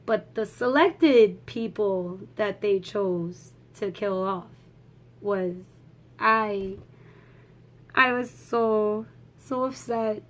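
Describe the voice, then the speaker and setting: A woman's voice: mid-range voice, very slow. A woman giving a casual, emotional movie review vlog, swearing freely and laughing as she talks.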